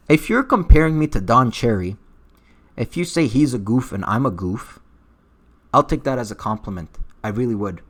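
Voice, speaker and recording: A man's voice: medium pitch, animated, normal speed, a bit bright. A man with an accent reading chat comments on a livestream, talking in a blunt and profane way with lots of fillers. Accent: unidentified accent. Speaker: streamer reading live chat.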